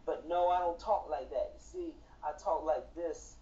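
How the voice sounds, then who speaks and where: A man chatting as a podcast guest, with swagger and street slang. His voice is mellow and dark. The audio is dull and lo-fi, like a call. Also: a little high, fairly even intonation, moderate pace. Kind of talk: casual podcast chat.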